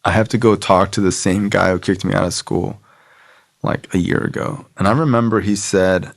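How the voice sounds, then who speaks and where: With studio quality and no echo, this guest from South Florida speaks in a low, gravelly voice with fairly even intonation at a normal speed. He tells his personal story frankly and loosely on a podcast, full of "like," other fillers and swearing.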